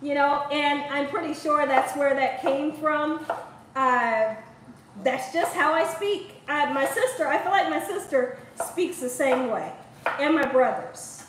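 A woman's voice: high-pitched, measured pace, slight background noise. A woman from Ohio hosting a home cooking show, chatting and laughing with her viewers as she cooks. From Columbus, Ohio. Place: home kitchen. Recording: echoey room, voice far from the mic.

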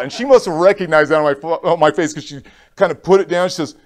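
A man giving a keynote on a conference stage, telling a personal story in a heartfelt, halting way and acting out other people's lines. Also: fairly high pitch. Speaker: keynote speaker. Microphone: stage microphone.

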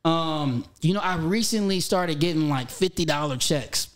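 A man in his thirties, a podcast guest, talking in animated casual chat and swearing freely. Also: on the high side, normal speed. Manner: animated, swears casually, frequent "you know". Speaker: podcast guest, former child actor.

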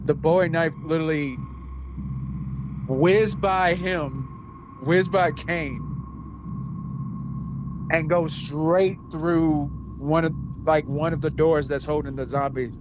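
A man's voice: fairly high pitch, fairly even intonation, slow pace, pauses often, noisy background. A man narrating as game master, cursing freely and acting out what the characters do. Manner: profane, laughing, acting out characters.

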